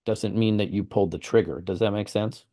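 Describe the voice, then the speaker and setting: A man's voice: on the low side, steady tone, fairly quick, mellow. A man hosting an interview, explaining his views earnestly with examples and often repeating words. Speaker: host. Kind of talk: interview conversation.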